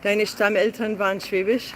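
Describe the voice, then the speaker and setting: A woman's voice: mid-range voice, level tone, normal speed, a bit bright, slight background noise. Chatty woman vlogging on an uphill walk. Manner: chatty, breathless from climbing, yawning. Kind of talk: walking travel vlog. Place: outdoors in a hilly lakeside town.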